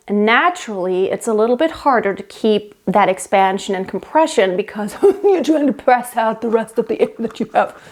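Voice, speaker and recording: A woman's voice: a little high, darkish tone. A young woman teaching vocal technique, explaining step by step and breaking off to demonstrate sounds. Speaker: singing teacher.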